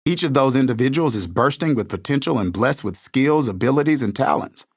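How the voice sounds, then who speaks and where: A man's voice: mid-range voice, expressive, a little fast, slightly rough, no room sound, clean studio sound. A man reading an inspirational self-help book aloud in a scripted, earnest style, building his points through rhetorical questions. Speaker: audiobook narrator.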